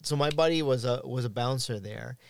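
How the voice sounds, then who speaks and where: A man hosts a casual podcast chat. He rambles through stories, often restarting his sentences, in a voice of middling pitch. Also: a little fast, gravelly. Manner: rambling storyteller with many restarts. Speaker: podcast host.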